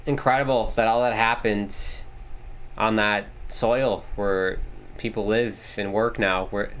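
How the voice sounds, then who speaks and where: Smooth-voiced man calling hockey play-by-play. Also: on the low side, fairly even intonation, a bit bright. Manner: rapid, rising calls during plays. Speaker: livestream host. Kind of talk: casual play-by-play watchalong commentary.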